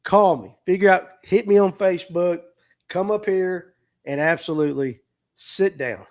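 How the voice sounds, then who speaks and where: A man's voice: high voice, normal speed. A middle-aged man, a tackle shop owner on a livestream, talking earnestly and emotionally, repeating himself and near tears. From US South. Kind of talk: heartfelt casual livestream talk. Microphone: streaming mic.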